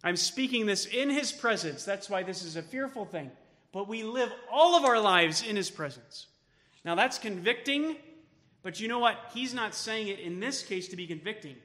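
A man preaching a sermon as pastor, emphatic, then dropping to soft tones for quoted words of comfort. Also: high-pitched, expressive, moderate pace, big-room sound. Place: church sanctuary.

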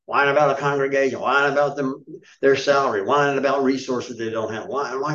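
A middle-aged male pastor delivers a sermon at an ordinary pitch, emphatic and scolding. He drives his points home with pointed rhetorical questions. The recording is a little dull and muffled. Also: brisk, a bit bright. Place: church.

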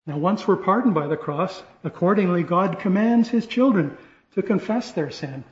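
A man preaching with earnest, rising emphasis and frequent restarts. His voice sits a little high for a man and carries a roomy echo. The recording is dull and lo-fi. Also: lively intonation, normal speed. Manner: earnest, repeats and restarts phrases, rising emphasis on key points. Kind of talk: sermon. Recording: echoey room, dull lo-fi sound.

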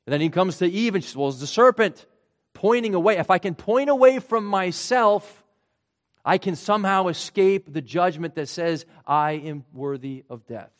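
A man's voice: high voice, normal speed. Earnest man preaching a sermon. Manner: earnest preaching, with sudden soft drops and rising emphasis. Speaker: pastor.

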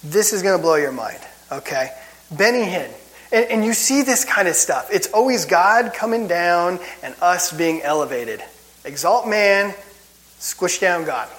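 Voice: medium pitch, expressive, measured pace, a bit bright. A Bible teacher giving a casual teaching talk with wry, chuckling asides, and gets worked up at times.

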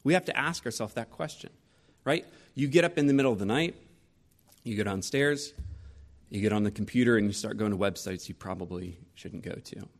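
A man's voice: fairly low pitch, brisk. A man in his forties preaching a sermon, telling personal stories and asking rhetorical questions. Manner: storytelling, rhetorical questions, lively shifts in loudness. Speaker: pastor.

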